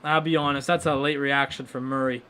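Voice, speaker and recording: A young man hosting a live hockey watchalong, calling the play-by-play casually and breaking into loud excited exclamations. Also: mid-range voice, a little fast, smooth. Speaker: watchalong host.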